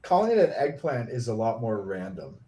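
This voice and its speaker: A man in casual chat, joking and animated. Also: medium pitch, brisk, noisy background.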